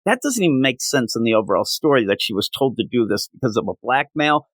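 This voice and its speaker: Exasperated ranting man, lively swings in pitch. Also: quick pace, no echo. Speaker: comic book reviewer. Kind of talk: casual spoken review.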